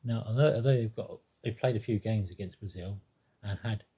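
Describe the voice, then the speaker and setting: A man talking casually about a football team, rambling and hesitant, with many pauses, ums and restarts. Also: lowish voice, mellow, breathy edge, dull audio. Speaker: football fan commentator. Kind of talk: casual spoken monologue.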